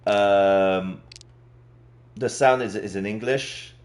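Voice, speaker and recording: A man talks through a game on a live stream, slowly and unhurriedly. He pauses often, restarts his sentences, and fills the gaps as he thinks aloud in casual, friendly commentary. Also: fairly low pitch. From Quebec. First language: French. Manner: slow, halting, many fillers and restarts.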